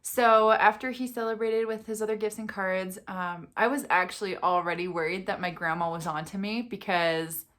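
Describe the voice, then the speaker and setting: A woman's voice: mid-range voice, fairly even intonation, moderate pace, few pauses, a bit bright. Young adult woman, vlogger, casual storytelling, chatty filler-heavy delivery. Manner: chatty, peppered with "like" and "you know".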